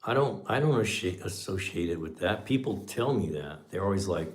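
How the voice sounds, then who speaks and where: A man's voice: deep voice, brisk, few pauses. A man, from Southern California, hosting a casual livestream chat in a rambling, laid-back way. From Southern California, USA. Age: 60s. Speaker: livestream host.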